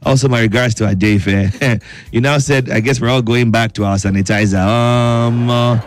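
A man's voice: medium pitch, fairly even intonation, moderate pace, background noise. A man with a Nigerian accent hosting a midday radio show, joking with listeners and reading out their messages. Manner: playful, joking, reads listener messages aloud. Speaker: radio host. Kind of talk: lively radio chat. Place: radio studio.

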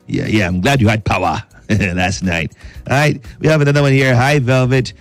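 A joking Nigerian radio host, a man with a voice of middling pitch who reads listener messages with playful rhymes and teasing. Soft music runs under his studio chat. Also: steady tone, moderate pace, no echo.

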